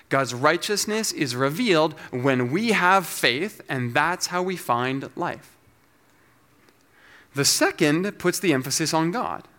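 A man delivers a teaching sermon, walking through scripture in a measured, explanatory way. His voice sits a little high for a man, and he sounds scholarly and careful. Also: bright, forceful tone. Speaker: pastor.

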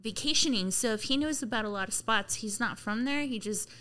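A young woman co-hosting a casual chat, bubbly and animated, quick to laugh. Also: a little high. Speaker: podcast co-host.

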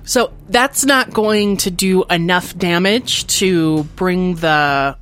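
A woman's voice: fairly low pitch, takes it slowly, fairly bright tone. A woman narrating as game master of a tabletop game, patiently explaining the rules.

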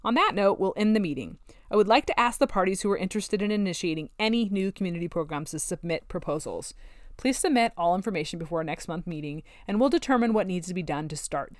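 A woman reading a brisk meeting chairman. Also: lowish voice, expressive, no echo, clean studio sound, natural voice. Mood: businesslike. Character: adult man running a town meeting.

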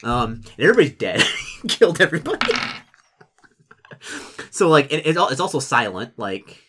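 A man's voice: mid-range voice, very animated, moderate pace, fairly bright tone, a little hiss or hum. A man narrating a tabletop game as its game master. His talk rambles, full of fillers and restarts, and he laughs often as he describes what happens. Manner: rambling, lots of likes and restarts, laughs a lot.

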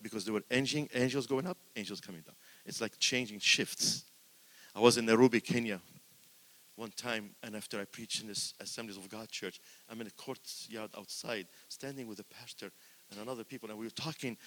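An older man delivers a sermon in a church, his bright, forceful voice echoing through a long hall reverb. His pitch is an ordinary middle for a man, and he swings between loud exclamations and hushed asides, repeating words for emphasis.

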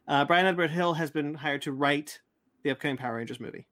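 A man's voice: fairly high pitch, fast, a bit bright. A man hosting a casual pop-culture chat, reading out news items in a loose, chatty way. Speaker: podcast host reading news.

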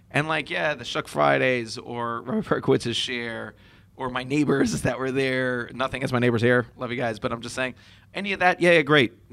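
A man's voice: mid-range voice, vocal fry. A man talking reflectively in a casual chat as a co-host, often restarting his sentences and laughing.

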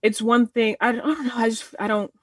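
A woman's voice: a little high, fairly quick, fairly bright tone, husky, no echo. An earnest young woman around twenty shares her views in a loose, rambling way, often starting over and acting out little quotes. She sounds a bit far from the mic in a dry space. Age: 20s. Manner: earnest, rambling with many restarts and quoted asides. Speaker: panelist. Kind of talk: casual discussion.

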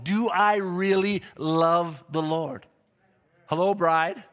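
A man preaching a sermon, building to shouted peaks and dropping to slow, hushed reading, with emphatic repetition. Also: a little high.

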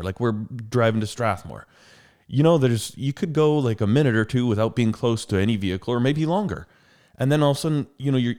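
A man telling driving stories in casual chat, acting out rants at other drivers. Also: medium pitch. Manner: animated storytelling, acts out rants at other drivers.

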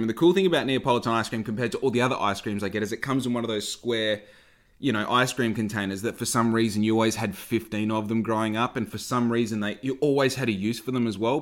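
A young man tells a story on his podcast, wandering off on tangents. He swears freely and keeps the tone loose and conversational, circling back to his point when he remembers it. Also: medium pitch. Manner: rambling, profane, digressive. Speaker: podcast host. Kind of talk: casual storytelling.

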